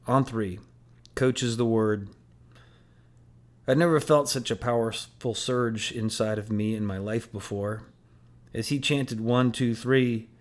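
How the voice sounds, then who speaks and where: A man reading a novel aloud in first person, measured and earnest. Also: medium pitch. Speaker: audiobook narrator.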